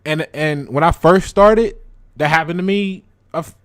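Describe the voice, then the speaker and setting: A man's voice: a little high, moderate pace, no room sound, clean studio sound. A man hosting a trading channel, chatting casually to his viewers with lots of repeated words and direct asks like "you see what I'm saying". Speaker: stock trading channel host. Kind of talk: casual explanatory chat to viewers.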